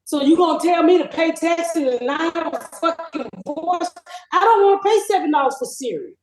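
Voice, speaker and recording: A high-voiced woman in her fifties holds forth on her comedy podcast. She is loud, profane and animated as she tells her stories, and she speaks over a remote connection that keeps cutting out. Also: normal speed, noisy background. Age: 50s. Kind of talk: casual podcast chat. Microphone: remote call with a patchy connection.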